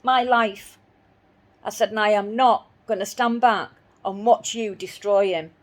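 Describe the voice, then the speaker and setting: A woman's voice: mid-range voice, steady tone, a little slow. A woman telling a personal story in an indignant voice, repeating herself as she replays her arguments. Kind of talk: spoken personal account.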